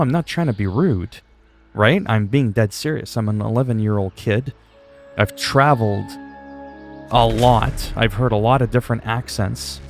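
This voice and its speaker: Forties male streamer, lowish voice, loose rambling chat with crude jokes, faint music under. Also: moderate pace. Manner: rambling, crude joking asides. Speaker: game streamer. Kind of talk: casual livestream chat.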